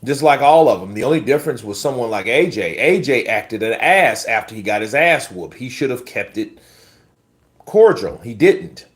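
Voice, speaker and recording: A man's voice: mid-range voice, lively intonation, normal speed. A man hosting casual boxing commentary on a livestream, blunt and profane, talking to his chat as bro.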